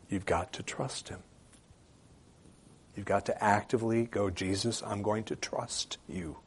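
Man preaching a sermon, swinging loud to hushed. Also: lowish voice. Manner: emphatic preaching, swinging from loud declarations to hushed, quiet appeals; repeats phrases for emphasis with occasional filler hesitations. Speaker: pastor.

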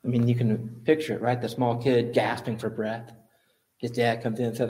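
A male pastor preaches a sermon. His mid-pitched voice climbs sharply high on key points and hammers home repeated phrases for emphasis. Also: fairly even intonation, brisk, dark tone.

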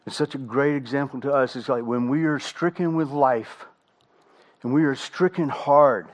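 A middle-aged man preaches a sermon in a medium-pitched voice. He leans on rhetorical questions and slow, weighty pauses. His delivery is emphatic and earnest. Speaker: pastor.

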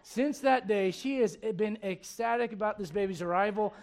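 A man in his forties, a pastor preaching a sermon in a church with joking, animated storytelling. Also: high voice, normal speed, gravelly. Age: 40s.

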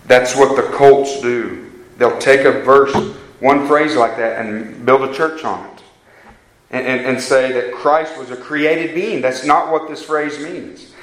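A man's voice: fairly high pitch, fairly bright tone, echoey room, poor audio. A man preaching a sermon, repeating key phrases for emphasis and putting questions to his congregation.

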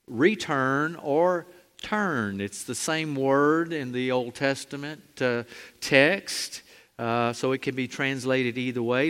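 A man preaching a sermon as pastor, earnest and emphatic, slowing down on key phrases with frequent "uh" fillers. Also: medium pitch, a bit bright, clean tone. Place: church sanctuary. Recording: hall reverb.

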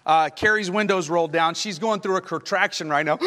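A man with a high voice delivers a storytelling sermon, full of "uh" fillers and quick restarts. His voice rings out with a long reverb, as in a large church hall. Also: fairly bright tone. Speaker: preacher.

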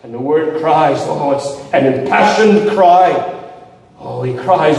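A man preaches in a slow, deliberate and impassioned way, leaning on each phrase. His voice sits fairly high but sounds mellow and dark. It carries through a big echoing hall with a long reverb, picked up from far away. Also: animated. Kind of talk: sermon.

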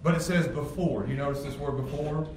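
A pastor addresses his congregation during a sermon, emphatic yet conversational, repeatedly restarting his phrases. His voice leans high and a little mellow, and he talks a little fast, with slight background noise. It was captured far from the mic in an echoey church sanctuary with faint ambience.

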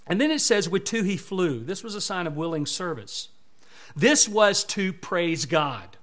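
High-voiced man preaching a sermon. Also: expressive, a little slow. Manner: emphatic preaching, swelling loud on repeated words. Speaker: pastor.

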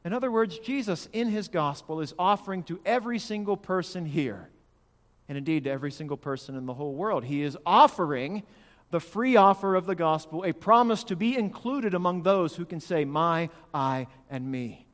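A male pastor preaching a sermon, emphatic and swinging from loud declarations to hushed lines. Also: fairly high pitch, lively intonation, normal speed, big-room sound.

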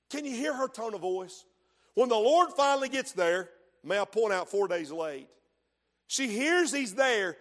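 A man preaching a sermon in church, swinging from hushed tones to shouting. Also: high voice, lively intonation, a little slow. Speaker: pastor.

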